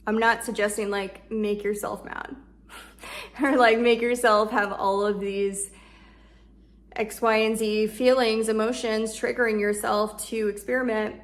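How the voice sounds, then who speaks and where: A woman giving a casual self-help talk on shadow work, chatty and full of fillers, going soft and slow when she voices comforting self-talk. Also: a little high, flat delivery.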